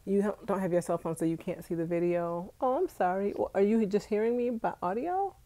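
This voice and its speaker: A woman's voice: medium pitch, a little fast, dark tone, no room sound. Congested young woman chatting on a live stream. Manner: chatty, complaining, talks to viewers directly. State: congested with allergies. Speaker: vlogger. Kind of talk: casual live-stream chat. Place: indoors at home.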